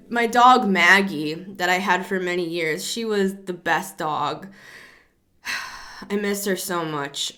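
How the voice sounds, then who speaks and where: A middle-aged woman giving a casual tarot reading, rambling, repeating herself and building to excited emphasis. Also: mid-range voice. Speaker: tarot reader.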